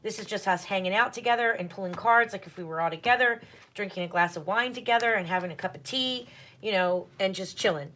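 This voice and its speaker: A woman's voice: medium pitch, quick pace, bright, forceful tone. A woman doing a casual livestream tarot reading at home, chatty and reassuring as she talks straight to her viewers.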